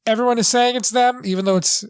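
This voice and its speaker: A man co-hosting a casual movie review podcast, talking in a halting way with many fillers and restarts. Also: extremely high pitch, steady tone, clear, resonant tone. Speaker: podcast co-host.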